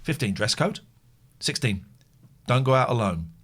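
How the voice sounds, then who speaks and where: A man's voice: medium pitch, lively intonation, normal speed, fairly bright tone. A man hosting a casual live-stream chat, reading a list aloud with jokey asides. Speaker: podcast host.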